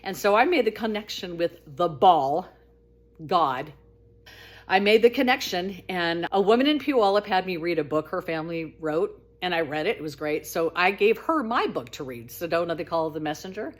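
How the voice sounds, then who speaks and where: A woman telling her own spiritual story in a casual, talkative monologue. She is earnest and expressive, and her voice lifts when she gets excited. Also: moderate pace. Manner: animated and expressive, voice rising high when excited; earnest, talkative, with frequent restarts.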